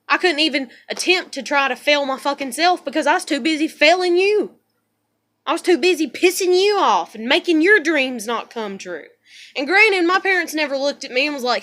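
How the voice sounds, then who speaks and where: A woman in her thirties vents in a raw, rambling monologue, swearing often. Her voice sits high and sounds bright and sharp. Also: animated, moderate pace. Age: 30s. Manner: profane, rambling, frustrated. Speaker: vlogger. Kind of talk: emotional venting monologue.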